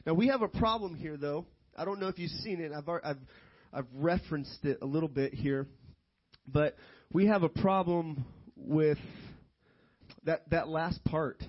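A middle-aged man preaching a sermon as pastor, animated and building to loud, emphatic stretches. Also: on the high side, measured pace, dull audio.

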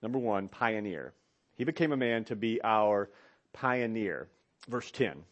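A male pastor, maybe in his thirties, preaching a sermon. He tells animated stories and keeps checking in with "right?". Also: on the low side, measured pace, lo-fi sound. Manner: animated storytelling with a pulpit cadence, asking "right?" often.

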